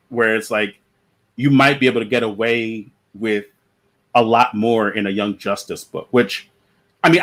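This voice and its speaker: A man's voice: mid-range voice, fairly bright tone. A man chatting on a comics podcast panel over an online call, rambling with lots of fillers and restarts. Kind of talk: casual panel discussion.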